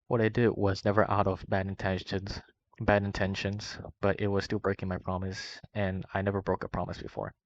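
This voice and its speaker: A man reading a long first-person document aloud in a steady, even way. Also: sits low, brisk, no echo. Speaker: reader. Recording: dry, muffled lo-fi voice recording.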